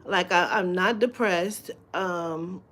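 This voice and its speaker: A woman's voice: on the low side, takes it slowly, fairly bright tone. A woman chatting on a live stream from home, rambling and candid, swearing freely with lots of fillers. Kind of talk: casual live-stream chat.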